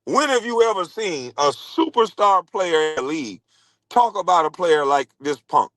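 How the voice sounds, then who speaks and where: A man on a heated rant, mocking and scornful, his voice pitched on the high side. The sound is close and dry, with no room in it. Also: expressive, moderate pace, a bit bright, no room sound, low-quality recording. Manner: scornful, mocking, repeats taunts. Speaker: former pro basketball player. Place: podcast studio.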